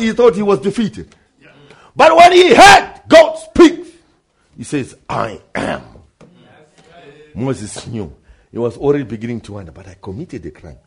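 Preacher guy, high husky voice, repeats stuff, goes quiet then shouts, keeps saying brother and sister. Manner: emphatic, repeats phrases, calls out to brother and sister; swings from low asides to loud shouting. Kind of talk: sermon.

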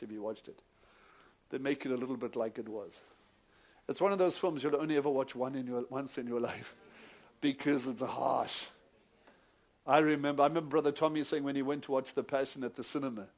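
A male preacher, moving between hushed retelling of a story and loud, emphatic preaching. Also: medium pitch. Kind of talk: sermon with storytelling.

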